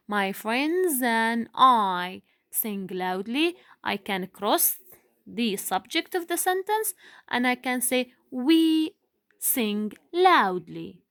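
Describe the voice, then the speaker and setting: Slow-speaking woman teacher, patient. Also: on the high side, fairly bright tone, dry recording. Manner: drawn-out emphasis on key words, patient. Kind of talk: slow, deliberate classroom explanation.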